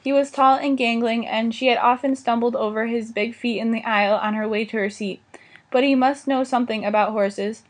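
A woman's voice: on the high side, fairly even intonation, brisk. A woman reading a children's novel aloud, giving the dialogue light character inflection. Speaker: audiobook reader. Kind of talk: scripted narration of a children's novel.

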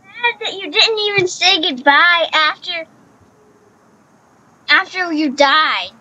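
High, bright-voiced woman rambling over gameplay. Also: slow pace, lo-fi sound. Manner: rambling, repeats herself, speaks to the game character. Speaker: gaming channel host. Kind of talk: casual gameplay commentary.

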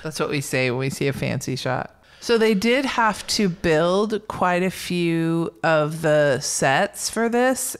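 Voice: medium pitch, expressive, slow pace, clear, resonant tone. A podcast co-host in a casual film discussion, retelling scenes with a laugh and acting out quoted lines.

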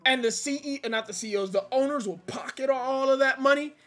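Young male gaming commentator, very high bright voice, rambling, frustrated, quick to loud outbursts, game music faint behind. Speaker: gaming YouTuber. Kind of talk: casual gameplay commentary.

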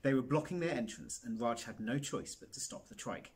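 Husky man reading a story aloud. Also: mid-range voice, lively intonation, brisk, few pauses, darkish tone. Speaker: reader. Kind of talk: reading a children's novel aloud.

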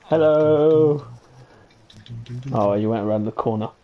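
A man's voice: medium pitch, expressive, measured pace, faint music behind. A man playing a block-building game with a friend, teasing him playfully and giggling often. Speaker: co-player. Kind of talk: casual let's-play chat. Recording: muffled, lo-fi voice chat with faint background noise.

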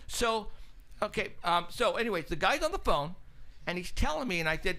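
A radio show host telling an excited, casual story, acting out both sides of a phone call. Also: male voice, sits high, fairly quick. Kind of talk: casual chat. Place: studio, live stream.

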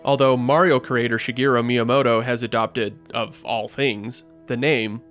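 A man's voice: mid-range voice, steady tone, normal speed, a bit bright, soft background music. Man narrating with dry wit. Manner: dry, wry delivery. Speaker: host. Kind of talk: scripted video-essay narration.

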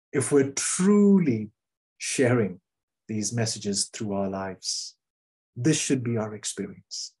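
A man preaching a sermon in an earnest, emphatic way, repeating phrases and letting key lines fall soft and low. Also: breathy edge.

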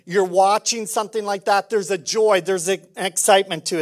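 Pastor guy preaching, chatty and animated, gets loud then drops real quiet. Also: sits high, moderate pace, hardly any pauses. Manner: lively and conversational, swinging between loud emphasis and quiet intensity. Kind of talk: sermon.

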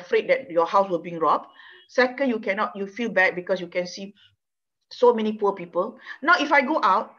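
A Malaysian woman delivers a university law lecture woven with a personal story, her mid-range voice carrying a fairly bright tone. She speaks earnestly and emotionally, repeating words and using non-native phrasing. The recording has a dull, lo-fi quality.

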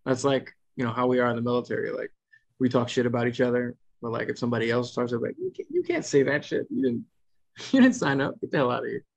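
Speaking fast in a steady tone, this gravelly man in his thirties hosts a laid-back podcast. His voice is medium in pitch, and he rambles through a family tale with restarts and impressions of his kids, all captured in dull lo-fi sound.

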